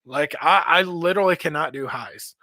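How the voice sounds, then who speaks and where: A man's voice: a little high, normal speed, sharp tone, no room sound. A man, a metal vocalist, giving rambling casual advice on singing, repeating himself as he goes. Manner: rambling, repeats words, demonstrates screams and growls.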